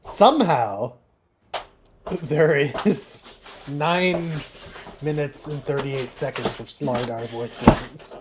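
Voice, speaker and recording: A man co-hosting a game stream in casual chat, hesitant and full of pauses and fillers. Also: mid-range voice, slight background noise. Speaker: stream co-host.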